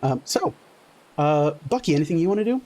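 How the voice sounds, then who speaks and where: A man running a tabletop game as game master, narrating in a loose, halting way full of fillers. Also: on the high side, sing-song, dark tone.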